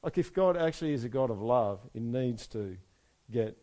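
A man preaching a sermon, moving between soft, quiet stretches and loud, emphatic passages. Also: mid-range voice, expressive, normal speed. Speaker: pastor.

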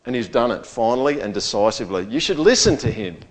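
A man preaching a sermon in a conversational way, often checking in with his listeners and swinging between quiet, low stretches and loud, high bursts. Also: lively intonation, fast. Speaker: pastor.

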